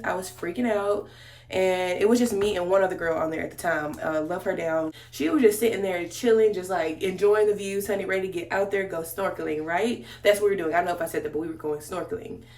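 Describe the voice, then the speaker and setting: A woman's voice: mid-range voice, a little fast, darkish tone. A woman chats through a storytime while doing her makeup, slangy and familiar as she talks to her viewers. Her voice sits in a middle register. The room around her gives it a roomy echo. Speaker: beauty vlogger. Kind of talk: casual storytime chat during a makeup tutorial.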